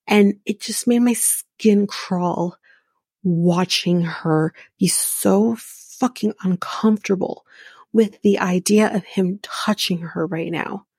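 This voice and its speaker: A woman's voice: mid-range voice, takes it slowly, a little mellow, slightly rough, no room sound, clean studio sound. A young adult woman hosting a casual podcast recap and commenting bluntly, with profanity and indignation. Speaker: podcast host.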